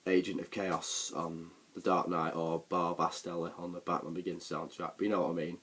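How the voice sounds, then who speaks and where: Brisk and a bit bright, yet low and slightly rough, this man's voice shows little pitch movement. He's a film reviewer rambling through a casual vlog recap, with frequent ums, fillers, and restarts.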